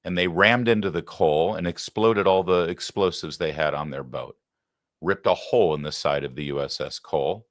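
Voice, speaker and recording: A man with a very low voice hosts a live political talk show, sarcastic and combative and quick to get heated. His voice sits close and dry on the mic, with no room sound around it. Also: dry recording.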